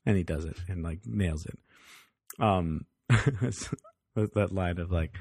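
Man, podcast co-host, casual TV review chat, low voice, laughs a lot. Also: slow, a little mellow, husky, no echo, clean studio sound. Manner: laughs often, acts out characters' lines.

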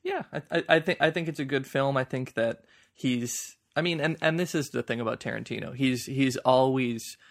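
A man with a gravelly, creaky voice co-hosts a casual podcast. He explains his views on films in a thoughtful way. He often stumbles over the first words of a sentence. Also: mid-range voice, moderate pace. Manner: stammers on openings, thoughtful and explanatory. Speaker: podcast co-host. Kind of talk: casual film chat.

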